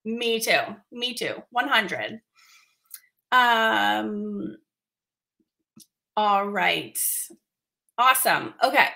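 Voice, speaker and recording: A woman's voice: mid-range voice, animated, drawn-out words, gravelly, long pauses, sharp tone. A woman art teacher on a live stream, chatty and emphatic, laughing often and reacting to viewer comments.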